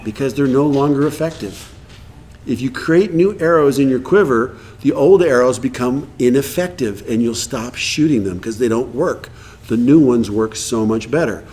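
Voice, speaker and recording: Man, Texan accent, middle-aged, recovery meeting speaker, lively, acts out quotes. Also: mid-range voice. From Texas. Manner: animated, acts out quoted voices.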